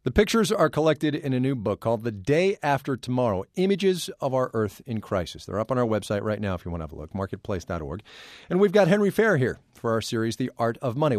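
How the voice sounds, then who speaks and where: A male radio host with a mid-range voice, brisk and conversational as he leads an interview. He sometimes stumbles over his words. The studio sound is completely dry. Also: mid-range voice, big pitch swings, a little mellow, no echo.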